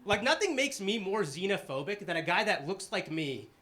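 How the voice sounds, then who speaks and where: A young man from the Boston area doing a stand-up set on a live stage, with a halting, filler-heavy delivery and dry, self-deprecating punchlines. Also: high-pitched, big pitch swings, crowd noise. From Boston area, Massachusetts. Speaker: stand-up comedian. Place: live comedy stage with an audience.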